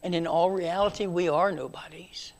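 Male preacher, high voice, sermon in a church; big emphatic swells and hushed drops. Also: fairly even intonation, moderate pace. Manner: dynamic, swings from loud emphatic to hushed.

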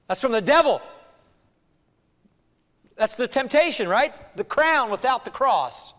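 A man preaching an expository sermon as pastor, animated and acting out the voices of people he quotes. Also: very high-pitched, unhurried, pauses often. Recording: long hall reverb.

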